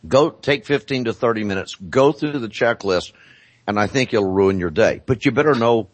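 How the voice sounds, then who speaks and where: A man speaking as a talk show guest, explaining deliberately and repeating phrases for emphasis. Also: fairly low pitch, dry recording.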